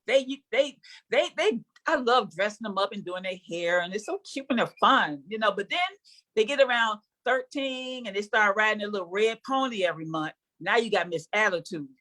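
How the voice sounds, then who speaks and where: A woman's voice: medium pitch, expressive, fairly quick, fairly bright tone. An older woman performing a sassy, conversational stand-up comedy set on stage before a live audience, teasing the crowd.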